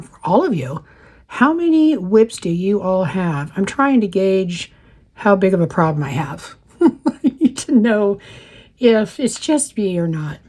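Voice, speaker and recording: Mellow-voiced woman in her fifties, chatty. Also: medium pitch. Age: 50s. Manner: chatty and warm, laughs often. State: slightly worn voice. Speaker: craft channel host. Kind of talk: casual chat while stitching, reading viewer comments.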